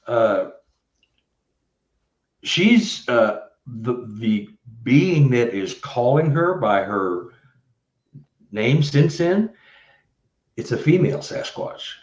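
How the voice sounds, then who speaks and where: Rambling interview guest from Missouri on a video call, roomy and muffled. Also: male voice, fairly low pitch. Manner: rambling, with many fillers. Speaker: guest researcher. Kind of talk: casual interview talk.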